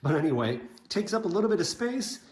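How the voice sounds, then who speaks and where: A man's voice: high-pitched, big pitch swings, quick pace, darkish tone, roomy sound. A man chatting casually about his shoe collection, rambling with lots of fillers and asides. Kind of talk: casual show-and-tell vlog.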